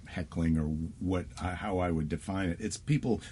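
A man's voice: low voice, moderate pace, darkish tone, a little hiss or hum. A man who is a stand-up comedian, chatting casually and acting out quoted lines as he tells stories. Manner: storytelling, acts out quoted lines. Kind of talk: casual chat.

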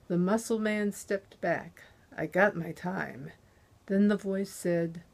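A woman narrating a thriller audiobook in the first person, with a tense, unhurried delivery. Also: on the low side, lively intonation, gravelly, breathy edge.

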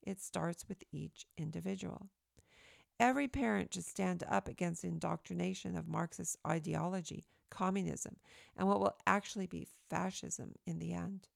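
Gravelly-voiced woman reading her essay. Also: lowish voice, moderate pace, no echo, clean studio sound. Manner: earnest, emphatic, steady. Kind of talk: read-aloud opinion essay.

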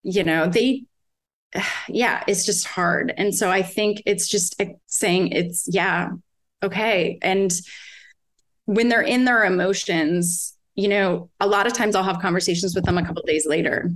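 A woman's voice: mid-range voice, a little slow. A woman in her forties, a mother talking earnestly in casual conversation, rambling with restarts and many fillers. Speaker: podcast guest, mother.

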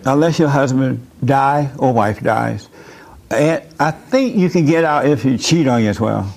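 A man's voice: medium pitch, darkish tone. A man hosting a faith discussion, telling stories with a joking manner and turning preachy when he explains. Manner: joking, chuckles through stories. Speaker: host leading a faith discussion. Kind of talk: casual chat.

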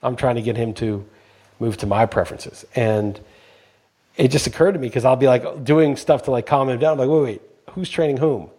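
A man's voice: mid-range voice, normal speed, mellow, husky. A man co-hosting a casual podcast chat, blunt and profane, working himself into heated rants. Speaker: podcast co-host.

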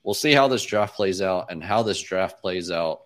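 Deep-voiced man hosting a sports podcast. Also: a bit bright. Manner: measured, thinking aloud with hedging. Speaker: podcast host. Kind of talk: casual podcast chat.

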